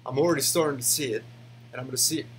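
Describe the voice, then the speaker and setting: A YouTube host answers fan questions in a casual behind-the-scenes chat, rambling with many restarts and fillers before ranting defensively. His mid-range voice is very fast, with a little hiss or hum.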